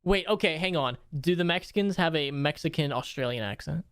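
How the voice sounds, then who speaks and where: A man's voice: fairly high pitch, expressive, a little fast, smooth, no echo, clean studio sound. A young man hosting a casual podcast, joking and incredulous, swearing as he reacts. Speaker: podcast host. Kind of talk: casual chat.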